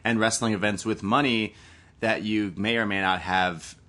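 A man's voice: on the low side, fairly even intonation, moderate pace, sharp tone. A man co-hosting a casual podcast chat, joking about himself in a playful way that sometimes trails off. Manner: self-mocking, playful, trails off. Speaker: podcast co-host.

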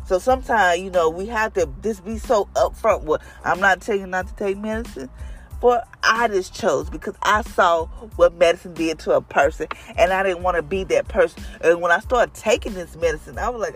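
A woman's voice: lowish voice, fairly quick, breathy edge, soft background music. A woman leading a devotional, sharing a personal testimony in an earnest, conversational, prayerful way. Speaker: devotional leader.

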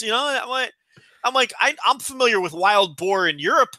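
High, very bright-voiced man ranting. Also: animated, fairly quick, no room sound. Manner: exasperated storytelling, heavy swearing. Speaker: podcast co-host. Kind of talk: casual chat.

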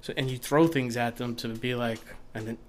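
A man's voice: mid-range voice, brisk. A man, a TV producer, telling stories in casual podcast talk, rambling and acting out the people he quotes. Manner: rambling, animated storyteller who acts out quotes. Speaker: TV producer guest.

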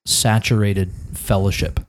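A man's voice: lowish voice, level tone, measured pace. An American man discussing a church confession in a casual conversation, thinking aloud with many restarts and repeated words. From United States.

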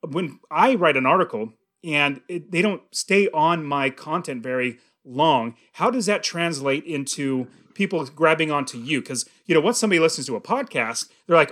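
A middle-aged podcast host talks earnestly and emphatically in a casual interview. His fairly high voice has lively intonation, a moderate pace, and a fairly bright tone, with clean studio sound and no room sound.

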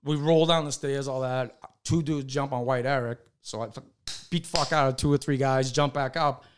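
A man's voice: mid-range voice, normal speed, background noise. A man, a stand-up comedian, telling a rowdy story in casual chat, swearing freely and acting out the people in it. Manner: profane, animated storyteller acting out voices.

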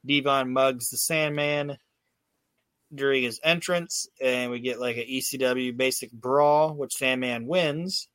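A man hosts a laid-back podcast, recapping events in a loose, rambling way full of swearing, fillers and false starts. His voice sits at an ordinary pitch and is recorded dry and close. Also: fairly even intonation, measured pace, a bit bright, clean tone, dry recording. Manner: rambling, profane storytelling with many fillers and restarts. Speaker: podcast host. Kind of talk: casual recap chat.

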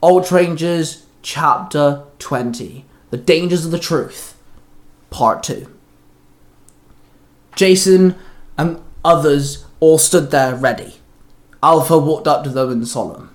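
A man's voice: a little high, takes it slowly, pauses often. A man hosting and reading fan fiction aloud in a chatty, casual way. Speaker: storyteller and host.

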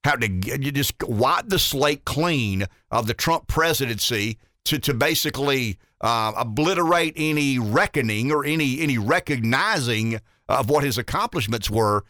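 A man's voice: mid-range voice, animated, moderate pace, hardly any pauses, pushed and bright, dry recording, studio quality. A man hosting a talk radio show, delivering an emphatic, opinionated political monologue and often repeating words as he builds a point.

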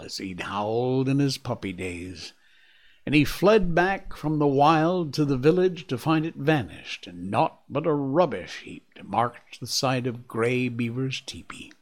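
Slow, measured male audiobook narrator. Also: medium pitch. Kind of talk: scripted narration.

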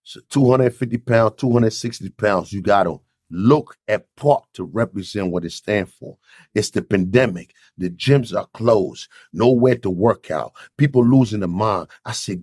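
A man's voice: on the low side, normal speed, slightly rough, no room sound, clean studio sound. A man hosting a faith podcast, telling his own story like a sermon and acting out the voices in it. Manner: preaching testimony, acting out quoted voices, swings to loud shouting. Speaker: podcast host. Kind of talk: impassioned faith podcast talk.

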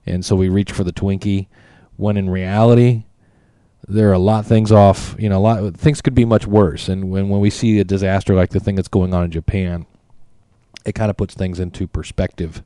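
Low, mellow-voiced male podcast host. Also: fairly even intonation, moderate pace, smooth, no room sound, studio quality. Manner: chatty and self-deprecating, reads listener emails aloud. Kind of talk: casual podcast monologue.

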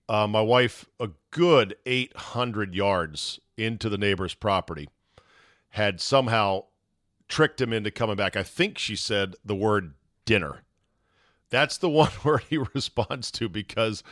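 A middle-aged man hosting a podcast, telling a personal story in casual, animated talk, acting out shouts and swearing now and then. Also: lowish voice, no echo, studio quality. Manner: animated, acts out quoted shouts and panic. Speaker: podcast host.

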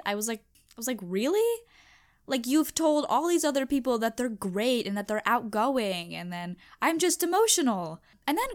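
A young woman hosting a podcast, chatting casually and emphatically on her own, animated and self-reflective. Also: a little high. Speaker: podcast host. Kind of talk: casual solo chat.

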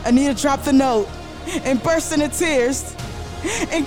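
A woman hosting a live radio show, telling a story with loose, animated slang-heavy delivery. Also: sits high, a little slow. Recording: music playing behind.

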